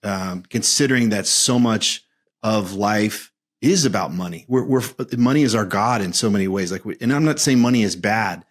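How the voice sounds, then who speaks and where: Man, 50s, low voice; reflective, earnest podcast guest. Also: moderate pace. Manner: earnest, searching, restarts phrases. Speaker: guest men's coach.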